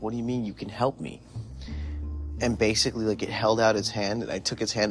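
A young man casually telling a candid personal story, rambling and full of "like" fillers. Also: on the low side. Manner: rambling, heavy use of "like"; candid, confessional. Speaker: podcast host.

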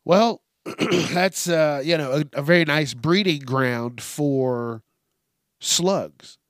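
A man's voice: fairly high pitch, slow, dry recording, studio quality. A male podcast host ranting through a profane solo monologue, congested from allergies.

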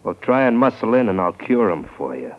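A curt racket boss. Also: male voice, on the low side, sing-song, fairly quick. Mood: bossy. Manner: curt and bossy. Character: nervous scheming racket boss, Benson. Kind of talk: 1940s radio acting. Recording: muffled old radio recording.

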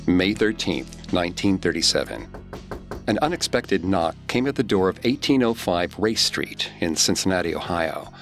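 A man hosting a podcast, reading scripted true-crime narration in a measured, grave way. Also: deep voice, expressive, creaky, soft background music. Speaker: podcast host.

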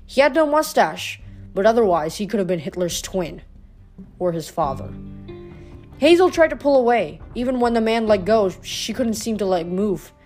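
A woman's voice: medium pitch, moderate pace, faint music behind. Woman reading a novel aloud. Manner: steady storytelling with small slips and self-corrections. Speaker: audiobook reader.

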